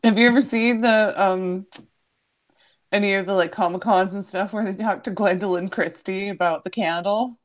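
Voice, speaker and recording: A woman's voice: medium pitch, steady tone. A woman in a casual fan discussion of a TV episode, eager, laughing easily and jumping in to add her view. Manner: eager, quick to laugh and interject.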